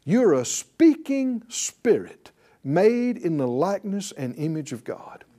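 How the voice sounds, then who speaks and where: A man's voice: sits high, sing-song, slow pace, warm tone. A man preaching a sermon to a class in a conversational way, calling on them to repeat after him. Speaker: pastor teaching a class.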